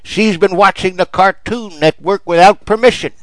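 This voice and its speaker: A man voicing a churchgoing mother who shouts from her pew in a high, shrill voice. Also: normal speed, dry recording. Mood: shrill outrage.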